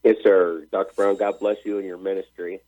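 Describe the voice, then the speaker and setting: A man's voice: low-pitched, little pitch movement, brisk, dark tone, no room sound. Polite man calling in over a phone line. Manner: polite, deferential, hesitant. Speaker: caller.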